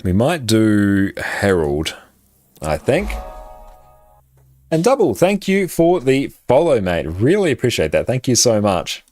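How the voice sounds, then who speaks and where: A man's voice: lowish voice, huge pitch swings, takes it slowly, a little mellow, dry recording, faint music behind. An Australian man chatting casually on a live game stream, upbeat and laughing easily as he thanks viewers. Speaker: livestream gamer.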